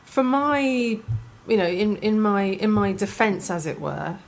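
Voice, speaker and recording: A middle-aged woman with a posh English accent, a stand-up comedian chatting as a guest in an animated, self-deprecating way, often restarting and laughing. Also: mid-range voice, takes it slowly, rough recording. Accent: posh southern English. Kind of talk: casual chat.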